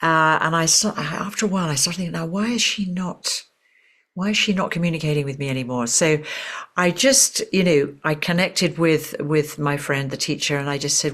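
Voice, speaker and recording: A woman voice teacher and author, soft and unhurried, telling a story in conversation and now and then singing syllables. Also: low-pitched.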